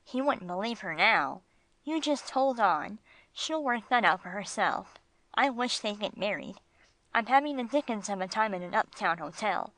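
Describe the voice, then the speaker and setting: A woman's voice: medium pitch, animated, normal speed, a bit bright, no room sound. Woman reading as a blunt, slangy street bulldog in a storybook; dry, close sound, mid voice. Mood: gruff. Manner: gruff slangy street talk. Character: tough streetwise male bulldog, gruff and blunt. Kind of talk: audiobook character voice.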